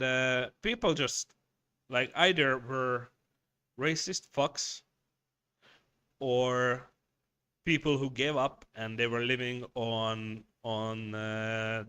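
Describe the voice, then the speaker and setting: A man's voice: medium pitch, sharp tone, clear, resonant tone. A man from Hungary with a Hungarian accent, hosting a craft shop livestream and chatting bluntly. He swears a lot and rambles with many restarts. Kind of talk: casual chat, ranting. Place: workshop.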